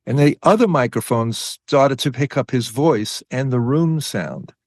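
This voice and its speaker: An older man with a New York accent softened by years in Britain talks easily through a story, stretching out the words he wants to land. His voice sits mid-pitch and sounds dry and close, with no room around it. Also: dry recording. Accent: New York English with a British tinge. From United States. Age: 80s. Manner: relaxed anecdotal, slows down to stress details. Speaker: guest, music producer. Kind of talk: conversational interview storytelling.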